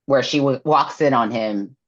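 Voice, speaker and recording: A podcast co-host with an extremely low voice recaps a novel in casual conversation at a moderate pace, animatedly acting out the characters' lines. The sound is dull and lo-fi.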